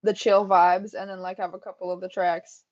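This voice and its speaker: A woman's voice: lowish voice, flat delivery, moderate pace, muffled recording. A woman guest on a livestream, chatting in an easygoing, agreeable way over call audio. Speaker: guest co-host. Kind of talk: casual livestream chat.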